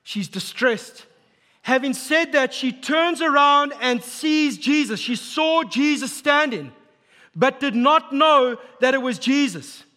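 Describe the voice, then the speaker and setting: A married man preaching a sermon as pastor, emphatic and building to near shouts. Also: extremely high pitch, animated, slow. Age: adult, married. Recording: long hall reverb.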